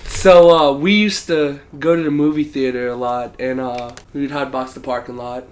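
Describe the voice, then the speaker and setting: A man's voice: medium pitch, steady tone, moderate pace. A young man co-hosting a podcast, telling a story in a laid-back, profane way and laughing as he goes. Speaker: podcast co-host. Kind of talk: casual storytelling.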